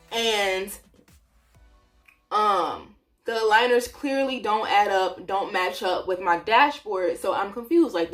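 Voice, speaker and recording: A woman's voice: mid-range voice, a bit bright. A woman vlogger telling a story in a casual way, acting out her own reactions as she goes.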